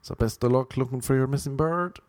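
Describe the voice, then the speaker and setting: A man's voice: medium pitch, a little fast, darkish tone, dry recording. A young Irish man with an Irish accent, rambling through a loose comic monologue and drifting off on tangents. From Ireland. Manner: loose, jokey, goes off on tangents. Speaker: comedian.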